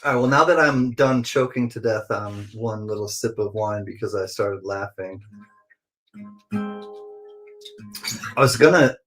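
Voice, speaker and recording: A man's voice: fairly low pitch, a little slow, pauses often, a bit bright, faint music behind. A man hosting a casual livestream, chatting playfully with viewers, greeting them by name and laughing often. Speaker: livestream host.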